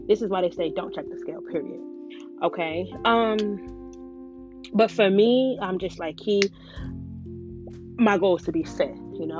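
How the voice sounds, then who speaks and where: A woman talking frankly and casually to her viewers, often saying "you know". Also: fairly low pitch. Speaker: vlogger. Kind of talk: casual talk to camera. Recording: dull lo-fi sound. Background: guitar music playing.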